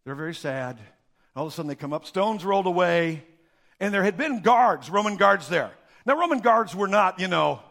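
Lively pastor preaching. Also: male voice, high voice, normal speed, creaky. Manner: animated, folksy storytelling with acted-out quotes. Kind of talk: sermon.

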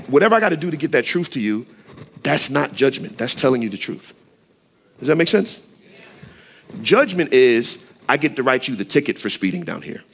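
A man's voice: medium pitch, husky. A man preaching a casual, conversational sermon, often checking in with the listeners and adding light self-deprecating humor. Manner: conversational, lively, asks the room often. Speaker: pastor.

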